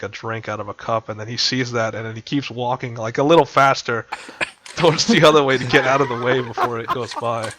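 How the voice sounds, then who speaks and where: A man's voice: medium pitch, a bit bright, no echo. A man narrating a tabletop game as game master, rambling with many fillers and acting out creature grunts.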